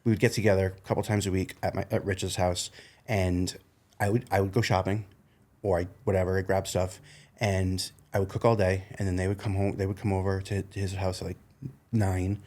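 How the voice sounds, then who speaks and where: A man with a slight New England accent tells kitchen-business anecdotes in an easy, animated way. His voice sits a little low, and he breaks into laughter as he talks. It is a casual podcast conversation. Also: brisk. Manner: animated, laughs through anecdotes, frequent restarts. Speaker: chef and restaurateur, podcast guest.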